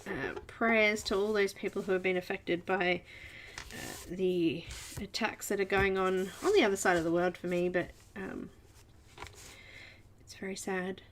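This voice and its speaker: Slow-talking Australian woman host. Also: mid-range voice, fairly even intonation, a little hiss or hum. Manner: chatty, greets viewers by name, chats to her cat. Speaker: livestream host. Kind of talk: casual livestream chat.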